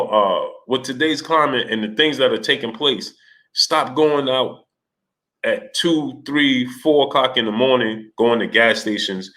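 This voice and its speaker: This livestream host runs a casual sports stream in a bright, forward, mid-range voice. He regularly pauses to greet viewers in the chat by name and slips into lively, exasperated rants.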